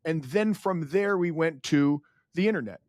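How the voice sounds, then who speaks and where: A man in his forties, a company founder telling stories as a podcast guest in an earnest, animated way. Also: moderate pace, dry recording, studio quality. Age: 40s. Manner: earnest, animated storyteller, rises in pitch when emotional. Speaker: guest, data center founder. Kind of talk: podcast interview storytelling.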